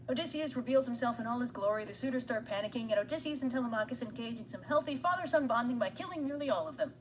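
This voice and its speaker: A young woman tells an old epic as a snarky, conversational comic summary. She speaks very fast in a fairly high voice. A faint hum sits behind her. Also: poor audio. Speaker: animator narrator. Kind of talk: comedic summary narration.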